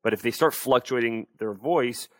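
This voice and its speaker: A man's voice: mid-range voice, moderate pace, dry recording. A young adult man, a sales coach, explaining and demonstrating tones of voice in a casual interview.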